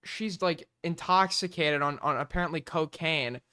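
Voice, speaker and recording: A man's voice: on the high side, normal speed, bright, forceful tone, clean tone. A man streaming, reacting to a video with blunt, profane, exasperated commentary.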